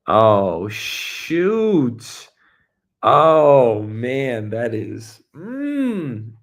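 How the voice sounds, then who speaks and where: A man in his thirties hosts his own show in a loose, rambling monologue. His voice sits in a middle pitch with a gravelly, fry-heavy edge. He jokes, swears, and breaks into sudden loud bursts. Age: 30s. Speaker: host. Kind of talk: casual solo monologue.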